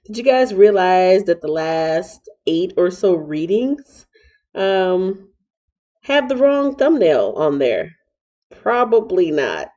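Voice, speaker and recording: A woman's voice: fairly low pitch, very animated, slow, dark tone. A woman from Texas hosting a casual live-stream Bible reading, chatty and playful as she greets her viewers. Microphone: laptop mic. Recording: dull lo-fi laptop audio.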